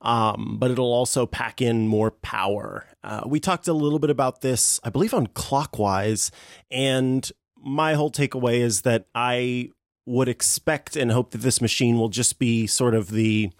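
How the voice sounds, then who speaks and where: A man's voice: medium pitch, measured pace, no room sound, studio quality. A man hosting a casual tech podcast, chatty and full of fillers, laughing often. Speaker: podcast host.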